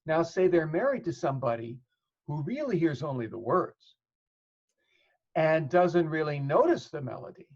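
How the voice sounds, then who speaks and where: A man with a somewhat high voice, explaining things patiently as a therapist in an interview. He builds his points with examples and plays out bits of dialogue. The audio is dull and lo-fi. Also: sing-song, moderate pace, a little mellow, slightly rough. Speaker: psychotherapist guest.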